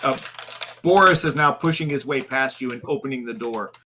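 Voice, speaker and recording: A man narrating as game master, halting with many fillers and restarts. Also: mid-range voice, background noise.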